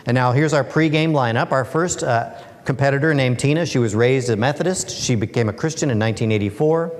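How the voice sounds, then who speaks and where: A man gives a lighthearted talk to an audience. His pitch sits in an ordinary middle range, and he keeps throwing playful rhetorical questions at the crowd. His voice carries a long reverb from the hall he speaks in. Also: a little fast. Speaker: guest speaker and author. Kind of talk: humorous presentation talk. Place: lecture hall.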